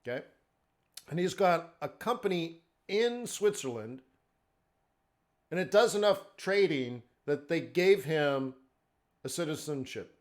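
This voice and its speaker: Man, fairly high-pitched voice, live forex webinar host, conversational, rhetorical questions. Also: lively intonation, measured pace, long pauses. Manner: conversational, rhetorical questions, frequent "okay?" and "right?". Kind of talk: live trading webinar talk.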